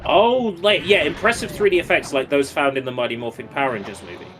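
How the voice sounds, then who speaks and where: A man's voice: on the high side, fast, over music. A man co-commentating a livestreamed game race, rambling casually and riffing jokes. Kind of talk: casual chat.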